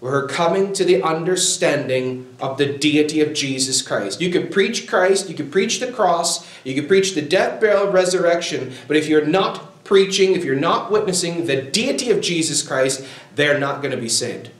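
A man's voice: a little high, expressive, normal speed, echoey room, poor audio. A male pastor preaching a sermon, quoting scripture with rising fervor.

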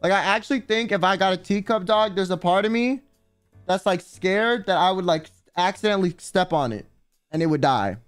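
A man's voice: high-pitched, brisk, smooth, no echo, faint music behind. A man hosting a casual livestream, rambling and profane, with heavy use of "like" and dramatic emphasis. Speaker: livestream host. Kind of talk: casual stream chat.

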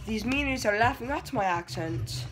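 A man giving live gameplay commentary, excitable and trash-talking, breaking into yelling outbursts. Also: extremely high pitch, moderate pace. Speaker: gameplay streamer.

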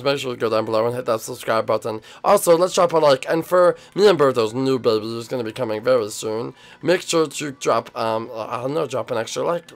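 A man's voice: medium pitch, gravelly. A young man hosting a game role-play video, chatting casually and rambling with lots of fillers. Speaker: host.

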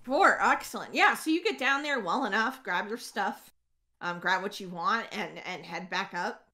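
A woman's voice: medium pitch, expressive, moderate pace, pushed and bright. A woman narrating as game master of a tabletop game, chatty and laughing often.

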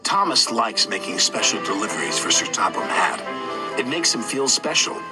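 A man reading a children's railway story aloud with an expressive, animated manner. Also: on the low side, moderate pace. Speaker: narrator. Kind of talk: storybook narration. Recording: loud music behind.

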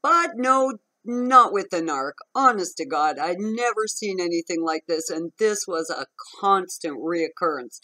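Frank woman with a bright, low voice. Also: lively intonation, unhurried, low-quality recording. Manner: frank, profane, emphatic. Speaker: vlogger on narcissistic abuse. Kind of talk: candid personal storytelling to camera.

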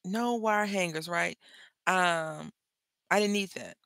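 Chatty woman with a gravelly voice. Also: fairly low pitch, takes it slowly, dry recording. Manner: chatty storyteller, animated and joking. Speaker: craft video host. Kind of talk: casual chat while crafting.

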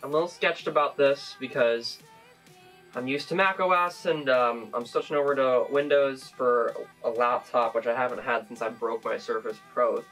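A man's voice: medium pitch, steady tone, normal speed, a bit bright, faint music behind. Chatty young man unboxing a laptop. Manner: chatty, thinking aloud with fillers. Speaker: tech vlogger. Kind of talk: casual unboxing commentary.

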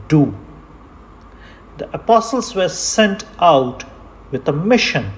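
Slow, deliberate male preacher. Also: medium pitch, lively intonation. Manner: slow, emphatic preaching with repetition. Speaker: pastor. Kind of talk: sermon. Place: church.

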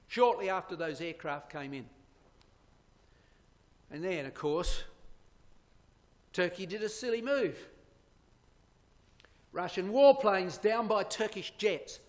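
A man with a fairly high voice delivers an emphatic sermon-style lecture, pointing out slides and throwing rhetorical questions at his listeners. His voice rings with a long reverb that fills the hall. It sounds like a church hall. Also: takes it slowly, pauses often. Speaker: Bible prophecy lecturer.

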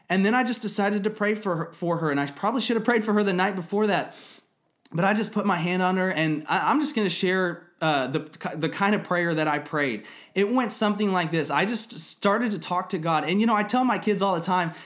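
A man's voice: high voice, a bit bright. A man giving an earnest, conversational devotional talk to camera, with frequent fillers and restarts. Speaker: Christian video teacher. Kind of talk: personal devotional teaching to camera.

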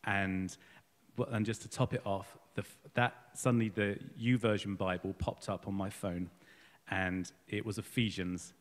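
A man's voice: lowish voice, steady tone, unhurried, in a large hall. A man giving a candid, rambling personal testimony at a church service. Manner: rambling and candid, self-deprecating. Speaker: congregation member giving a baptism testimony. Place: church hall.

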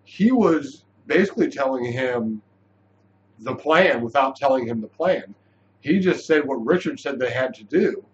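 Guy rambling thru a tv episode review, mid pitch, keeps restarting, kinda dull muffled sound. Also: a little slow, a little hiss or hum. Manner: animated, loose and chatty with frequent restarts. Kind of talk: casual spoken review.

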